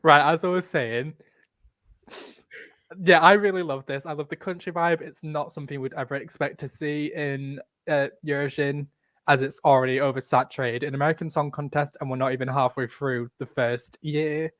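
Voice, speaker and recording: A man's voice: fairly high pitch, fairly even intonation, moderate pace, a bit bright, dry recording. A man with a thick Yorkshire accent, co-hosting a podcast in casual, blunt and profane banter. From Yorkshire, England. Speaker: podcast co-host. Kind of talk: casual chat.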